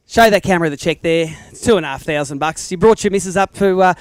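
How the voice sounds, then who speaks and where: Brief: Australian male emcee, quick and high, clear smooth tone, matey energy. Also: no room sound. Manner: energetic, matey banter with anglers. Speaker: tournament emcee. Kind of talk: live weigh-in commentary. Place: outdoors at a lakeside weigh-in.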